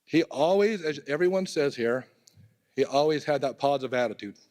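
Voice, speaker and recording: Guy giving a eulogy, slightly high voice, chatty storytelling, laid back. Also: expressive, moderate pace, darkish tone. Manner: casual, conversational, personal anecdotes. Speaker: eulogy speaker at a memorial. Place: temple hall.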